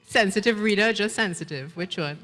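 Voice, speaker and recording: A woman author with a Trinidadian accent, reading from her book and discussing it on a festival panel in a measured way. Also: mid-range voice, a bit bright. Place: festival stage. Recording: long hall reverb.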